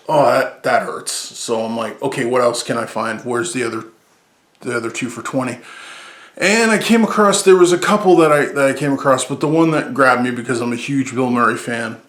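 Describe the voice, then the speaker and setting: A man's voice: medium pitch, fairly bright tone. A man hosting a movie podcast in a casual, rambling, upbeat way, often correcting himself mid-sentence. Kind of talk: casual solo chat. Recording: echoey room.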